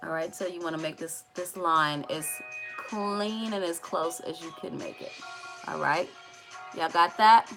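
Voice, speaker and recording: A woman's voice: on the low side, a little slow, gravelly, over music. A woman hosting a live makeup tutorial, chatting to her viewers directly with playful asides.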